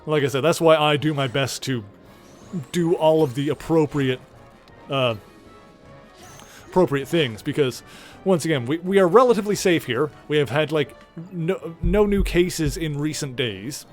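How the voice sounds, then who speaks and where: Rambling male streamer, slightly high. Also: normal speed, faint music behind. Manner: rambling, filler-heavy, casual swearing. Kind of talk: casual gameplay commentary.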